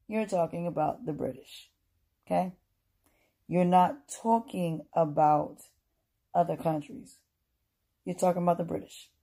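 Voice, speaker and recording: A woman's voice: lowish voice, warm tone. A woman giving an emphatic, repetitive opinion monologue, lecturing her listeners in casual speech.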